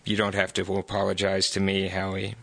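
A man's voice: deep voice, monotone, fairly quick, creaky, a bit bright, no echo, heavily acted. A man voicing a worried, exasperated young woman in a live book reading, pleading and growing angry. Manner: pleading, rising anger. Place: bookstore.

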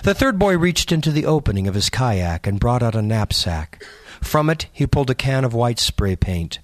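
A man narrating a spooky story in a measured, suspenseful audiobook reading. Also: medium pitch, big pitch swings, dry recording, clean studio sound.

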